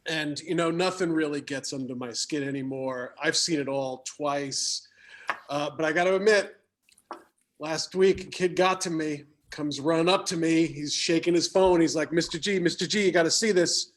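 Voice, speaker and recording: A man in his fifties doing stand-up from a classroom, halting, with many fillers and dry asides. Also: on the high side, a little hiss or hum. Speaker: comedian and high school teacher. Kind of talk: stand-up comedy set.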